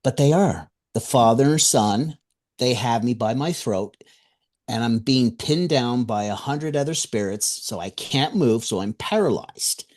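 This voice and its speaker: A man speaking as a guest on a radio interview, telling his story. His mid-pitched voice swings widely up and down, and he acts out the voices of the people he quotes. He chuckles now and then between his remarks. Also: lively intonation, measured pace, darkish tone. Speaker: author and guest.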